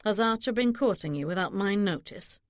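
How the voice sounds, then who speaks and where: A woman voicing a protective young nobleman who talks in a flat, threatening way. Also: high-pitched, moderate pace, dry recording, close to an everyday voice. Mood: stern. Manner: dry, threatening.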